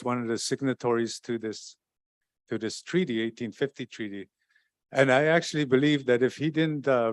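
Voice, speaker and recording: Male storyteller, unhurried oral storytelling with halting repeats, dry close recording. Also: medium pitch, no echo. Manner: halting, repeats words, relaxed telling. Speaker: storyteller and speaker at a forum.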